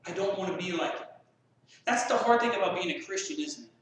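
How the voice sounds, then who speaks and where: A man's voice: sits high, quick pace, a bit bright. A man preaching a sermon as pastor, impassioned and full of rhetorical questions. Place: church sanctuary. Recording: very echoey room, mic far off.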